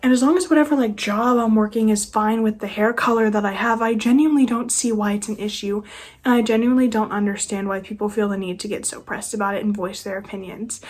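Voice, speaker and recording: A woman's voice: medium pitch, steady tone, fast talker, a little mellow, soft background music. A nineteen-year-old woman ranting casually to camera, sarcastic and exasperated. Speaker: vlogger. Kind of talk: casual rant.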